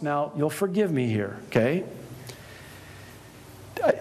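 Man, pastor, sermon, unhurried preaching, long hall reverb. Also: medium pitch, animated. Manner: slow deliberate preaching, rising to impassioned shouting.

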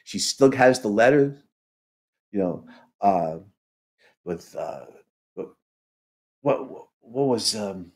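A man in a podcast conversation, retelling a play emotionally, halting and restarting often. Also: on the low side, expressive, darkish tone. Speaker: podcast co-host.

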